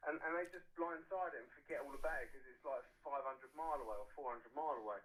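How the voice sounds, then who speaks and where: A man's voice: mid-range voice, quick pace, low-quality recording. A man calling in to a talk show, rambling with many restarts and heavy swearing. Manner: grows loud and emphatic. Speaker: caller. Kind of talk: phone-in call.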